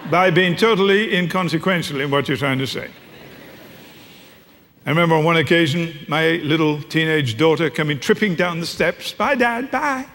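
A middle-aged man preaches with a wry, storytelling touch. His voice sits notably high for a man. A long reverb from a large hall trails each phrase. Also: moderate pace, long pauses, fairly bright tone. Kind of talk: sermon. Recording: echoey hall.

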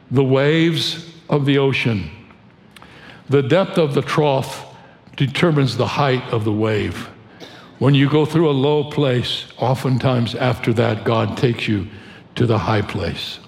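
An older man preaching a sermon in a measured, earnest way, slowing down for emphasis. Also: medium pitch, vocal fry. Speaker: pastor. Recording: echoey room with long reverb.

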